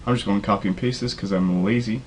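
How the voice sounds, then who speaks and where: A man's voice: fairly low pitch, fast, darkish tone, a little hiss or hum. A young man hosting a casual coding tutorial, enthusiastic and rambling with lots of fillers. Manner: enthusiastic, self-described nerd, rambling with fillers. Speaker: programming tutorial host.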